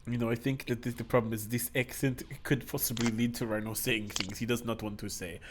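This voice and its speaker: A man's voice: medium pitch, level tone, a little fast, noisy background. A man co-hosting a stream, leading improvised comedic role-play in a playful, mock-formal way. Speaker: stream co-host.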